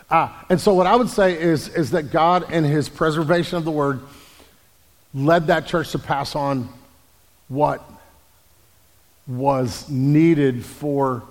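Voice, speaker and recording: A man, a pastor, answering congregation questions about the Bible in an explanatory way, often restarting and repeating words. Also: a little high. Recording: long hall reverb.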